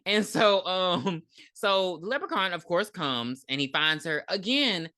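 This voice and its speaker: Lively low-pitched woman, blunt podcast chat. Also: a little slow, dry recording, studio quality. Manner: blunt, profane, animated storytelling. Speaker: podcast co-host. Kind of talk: casual movie review chat.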